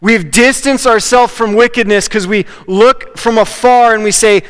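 A male pastor with a high, smooth, resonant voice delivers a conversational sermon, driving points home by repeating key phrases. His voice rings out with a long reverb, as in a large hall. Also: normal speed, few pauses, a bit bright.

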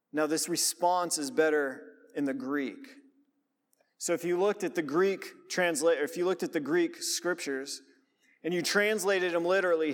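A man preaching a sermon as pastor, reading scripture aloud and then explaining it in a conversational way. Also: a little high. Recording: long reverb of a large hall.

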